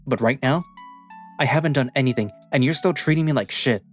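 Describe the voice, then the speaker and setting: A man's voice: medium pitch, lively intonation, normal speed, darkish tone, soft background music, lightly acted. A man voicing a hurt, pleading young best friend. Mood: hurt, angry. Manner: pleading, earnest, swearing when upset. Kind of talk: visual novel reading.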